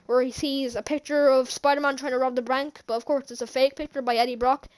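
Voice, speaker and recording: A woman's voice: sits high, steady tone, fast talker. A woman recapping a movie in a casual, rambling way, laughing often and restarting her sentences. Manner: rambling, giggly, many restarts. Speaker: movie reviewer.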